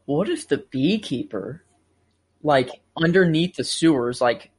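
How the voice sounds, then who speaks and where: A man's voice: fairly high pitch, lively intonation, unhurried, breathy edge. Man musing over theories. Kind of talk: casual chat.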